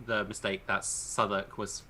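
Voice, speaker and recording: A man's voice: on the low side, level tone, unhurried, sharp tone. A man co-hosting a live English lesson, joking around casually and laughing a lot. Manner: joking, laughs often, lots of fillers. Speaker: co-host. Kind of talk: casual chat.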